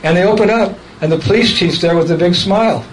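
A man telling a personal story in a casual, lively way, laughing as he goes and acting out other people's voices. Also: sits high, fast talker, a little hiss or hum, rough recording. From United States.

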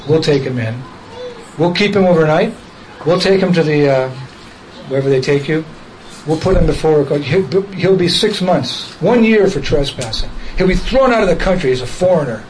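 A man voicing a big, gruff middle-aged police chief who talks in a blunt, commanding way. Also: a little high, animated, normal speed, a little hiss or hum, natural voice, rough recording. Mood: dismissive.

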